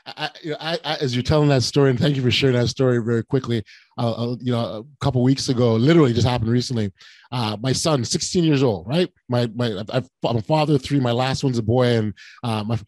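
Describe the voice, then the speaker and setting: A man's voice: mid-range voice, quick pace, no room sound. A man in his forties hosting a podcast, telling a personal story with animation and lots of restarts. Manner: animated, emotional, frequent restarts and repeated words. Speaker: podcast host. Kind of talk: casual conversational storytelling.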